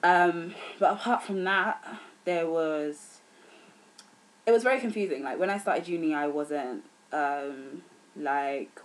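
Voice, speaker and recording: Young woman, low-pitched; sincere, serious talk to camera. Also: slow pace, poor audio. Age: young adult. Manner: earnest, serious, animated retellings with filler words. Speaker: vlogger. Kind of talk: casual chat to camera.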